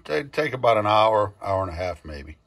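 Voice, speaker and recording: A man's voice: on the low side, sing-song, normal speed, vocal fry, a bit bright. An older man hosting a casual cooking demonstration, talking in a rambling, folksy way full of fillers and restarts. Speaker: cooking show host.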